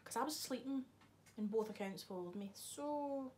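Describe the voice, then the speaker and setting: In a vlog, a young woman chats casually to camera, swearing freely and teasing someone off camera. Her voice is a little high and a little mellow, with lively intonation and a moderate pace. There's slight background noise.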